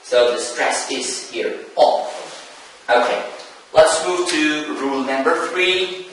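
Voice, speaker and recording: Male English teacher, unhurried and methodical, boomy reverberant room. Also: a bit bright. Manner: slow, deliberate, repeats key words. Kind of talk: televised classroom lesson. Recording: echoey room, voice from far off.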